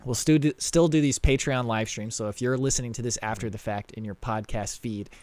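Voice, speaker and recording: A young man hosting a casual podcast chat, animated and quick to laugh. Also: medium pitch, no echo. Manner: animated, laughs often, wraps up the show. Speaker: podcast host.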